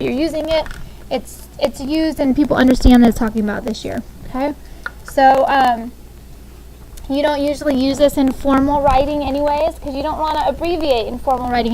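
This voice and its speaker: A woman's voice: high-pitched, darkish tone, slight background noise, rough recording. A woman in her thirties teaching a classroom grammar lesson, upbeat and often checking in with "okay?". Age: 30s.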